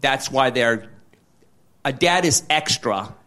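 A man's voice: mid-range voice, expressive, slow, bright, forceful tone. A man in a candid conversation, rambling with many fillers and restarts and acting out quoted dialogue. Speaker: interviewee.

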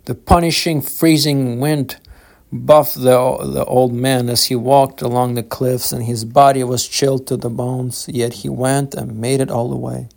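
A man reading his own novel aloud in a slow, measured, solemn audiobook narration. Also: medium pitch, flat delivery, creaky, darkish tone.

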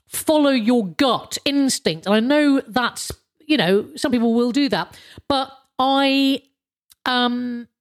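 A British woman talks through a loose, rambling podcast monologue. Her voice sits a little on the high side, and she chuckles and swears freely as she goes. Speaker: podcast host. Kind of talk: casual monologue.

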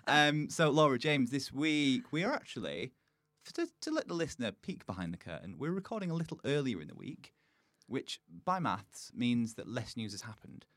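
A man's voice: mid-range voice, sing-song, moderate pace, few pauses, fairly bright tone, no room sound. A man hosting a podcast in a playful, chatty way, often laughing. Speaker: podcast host. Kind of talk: casual chat.

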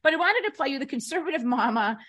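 A woman co-hosting a political talk show, chatty and quick to laugh, often restarting her sentences. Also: high-pitched, expressive, a bit bright. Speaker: radio talk show co-host.

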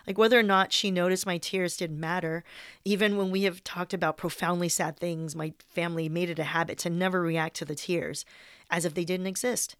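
A woman's voice: lowish voice, steady tone, brisk, fairly bright tone, smooth, dry recording. Candid woman reading her own essay, dry sound. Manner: candid, wry, with swearing. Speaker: personal essay narrator. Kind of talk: reading a personal essay aloud.

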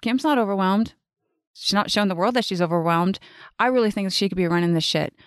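Swearing freely, a forties-aged woman runs a casual solo monologue on her life-coaching podcast, blunt and animated throughout. She talks quickly in a clean, medium-pitched voice, recorded in a clean studio with no echo.

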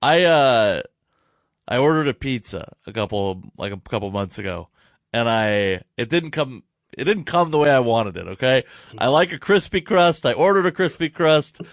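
A man's voice: medium pitch, very animated, moderate pace, no room sound. Profane storytelling man, dry sound. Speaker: podcast host. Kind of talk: casual chat.

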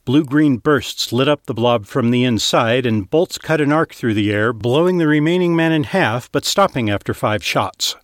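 A man reading scripted fiction narration in a steady, even storytelling manner, close to the mic. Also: mid-range voice, normal speed, few pauses, no echo.

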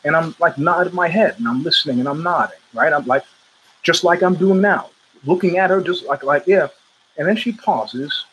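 A man's voice: fairly high pitch, normal speed, fairly bright tone, a little hiss or hum, low-quality recording. Rambling middle-aged male show host. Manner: rambling, anecdotal, with frequent restarts and asides. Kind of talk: casual storytelling monologue.

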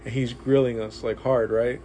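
A man's voice: mid-range voice, flat delivery, moderate pace, dark tone. Laid-back man with faint room noise. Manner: laid-back, profane storyteller saying "dude" and "like". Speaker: guest. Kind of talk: casual chat. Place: comic shop.

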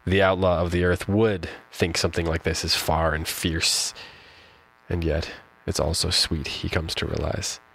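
A man's voice: deep voice, flat delivery, measured pace, vocal fry, fairly bright tone, a little hiss or hum, rough recording. A man hosting a poetry show, talking casually and thoughtfully about a poem, with fillers and restarts. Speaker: poetry podcast host. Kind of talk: casual talk about a poem with slow read-aloud.

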